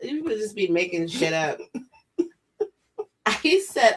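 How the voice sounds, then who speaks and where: A woman's voice: mid-range voice, very animated, slow pace, far from the mic, background noise. A woman co-hosting a casual podcast, incredulous and laughing at what she hears.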